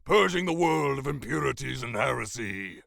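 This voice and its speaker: Gravelly, bright-edged dragonborn paladin, stern and grandiose, slow and booming; a man puts on the voice in a dry room. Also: animated, dry recording.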